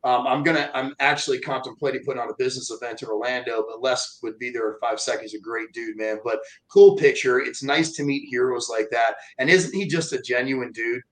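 Speaking quickly with hardly any pauses, a mid-range male motivational speaker tells a casual, animated story, voicing the people he quotes. Recording quality is low.

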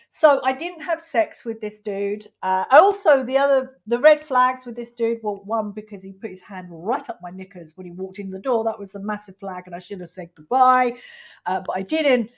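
A woman in her fifties from England telling a frank personal story, expressive and outspoken, acting out quoted exchanges. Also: fairly high pitch. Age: 50s. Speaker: podcast host.

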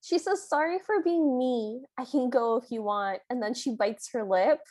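Amused, higher-voiced woman podcaster. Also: normal speed, a little mellow, no room sound. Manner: chatty, amused retelling with quoted lines. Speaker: podcast co-host. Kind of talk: casual movie recap chat.

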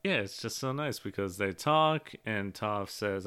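Smooth low-voiced man, casual podcast chat. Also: expressive, measured pace, bright, forceful tone. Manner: retells scenes with quoted lines. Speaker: podcast co-host.

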